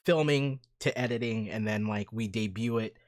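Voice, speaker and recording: A man's voice: fairly low pitch, moderate pace. A man guesting on a podcast, reminiscing casually with his old college friend, enthusiastic and rambling with lots of "like" and "dude".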